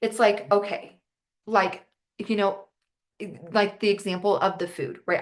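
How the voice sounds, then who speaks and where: Woman coach talking it through, chatty, keeps saying right, mid pitch. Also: steady tone, a little slow. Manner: chatty, many "right?" asides. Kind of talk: casual coaching talk.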